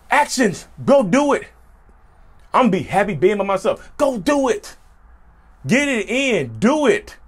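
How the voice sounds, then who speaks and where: A man hosting his own channel in a casual monologue, repeating his points and calling his viewers "y'all", his voice sometimes cracking. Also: high voice. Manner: animated, repeats phrases, addresses viewers as y'all. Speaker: YouTube channel host.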